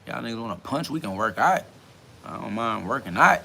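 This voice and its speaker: This twenties-aged podcast host talks briskly in a medium pitch, his gravelly voice expressive, pushed and bright, over a faint hiss or hum. He reads chat comments out loud in a loose, cursing, slang-heavy ramble, often dropping "you feel me."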